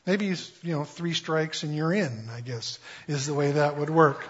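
A man's voice: fairly high pitch, normal speed, fairly bright tone, slightly rough. A man preaching a conversational Bible-teaching sermon in a casual, humorous way, with lots of fillers. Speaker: pastor. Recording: dull lo-fi recording.

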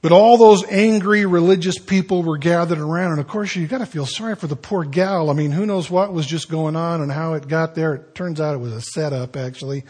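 A man's voice: on the high side, a little fast, hardly any pauses, darkish tone, slightly rough. A man preaching a sermon, retelling stories in a folksy, conversational way with joking asides.

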